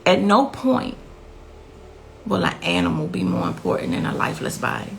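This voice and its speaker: A woman's voice: fairly low pitch, wildly swooping pitch, moderate pace, gravelly, a little hiss or hum, rough recording. A woman, a grieving mother, giving a blunt and impassioned interview account, repeating herself for emphasis. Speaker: victim's mother telling her story.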